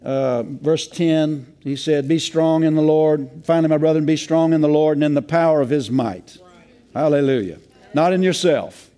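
A man's voice: fairly high pitch, normal speed, mellow. A male pastor preaching a sermon in a folksy way, with many fillers and restarts.

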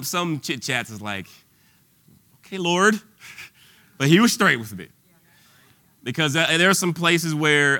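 A man preaches an informal, conversational sermon full of restarts and fillers, sometimes rising into bold declarations. His medium-pitched voice is bright and forceful.

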